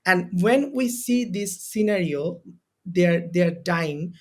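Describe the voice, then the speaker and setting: A man's voice: high voice, expressive, takes it slowly, darkish tone. Impassioned young Bangladeshi man. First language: Bengali. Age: young adult. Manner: impassioned, emotional, repeats phrases for emphasis. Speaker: university student guest. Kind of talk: podcast interview.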